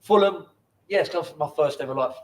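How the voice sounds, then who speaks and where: A middle-aged man, a former footballer telling rambling, lively anecdotes as an interview guest in a bar. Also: fairly high pitch, fairly quick. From London. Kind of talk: casual storytelling over a pint. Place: bar, indoors.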